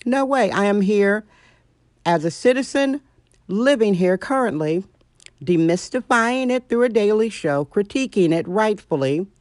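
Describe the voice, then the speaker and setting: A woman's voice: mid-range voice, expressive, unhurried, a little mellow, dry recording, studio quality. A middle-aged woman hosting her own show, ranting bluntly and sarcastically at home. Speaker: podcast host. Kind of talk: opinionated solo monologue.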